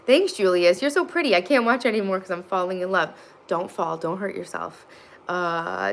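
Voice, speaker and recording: A woman's voice: lowish voice, normal speed, gravelly. Bubbly woman chatting on a kitchen livestream. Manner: bubbly, enthusiastic, reads chat aloud. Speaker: livestream host. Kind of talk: casual livestream chat. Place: home kitchen.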